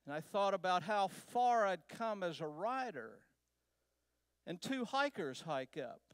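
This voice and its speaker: A man from Texas, a guest speaker, telling a personal travel story to a church in a slow, unhurried way with pauses. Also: high voice, big pitch swings, clear, resonant tone, dry recording. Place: church sanctuary.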